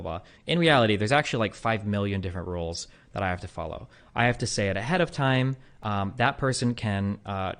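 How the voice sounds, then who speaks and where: This man in his thirties has a lowish, fairly bright voice. He's casually talking to a livestream audience, rambling with plenty of fillers and blunt, profane asides.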